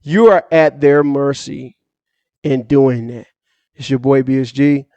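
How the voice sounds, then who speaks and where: A man ranting casually to camera about money, emphatic and slangy, with quick bursts and asides. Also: medium pitch, steady tone, dark tone, dry recording, lo-fi sound. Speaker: finance YouTuber. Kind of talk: casual direct-to-camera rant.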